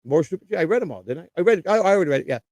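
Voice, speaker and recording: A man's voice: high-pitched, lively intonation, rapid-fire, a little mellow, dry recording. A man hosting a live stream, reading viewers' comments aloud and answering them in a rambling, blunt way, with some swearing. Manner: blunt street-tough talk with swearing. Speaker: livestream host. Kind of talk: casual live chat reading.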